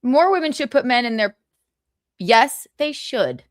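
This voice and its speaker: A woman with a lively, bouncing voice hosts a casual gossip livestream. She is blunt and sarcastic and swears freely. Her voice is close and dry. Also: on the high side, a little slow, dry recording. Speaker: livestream host.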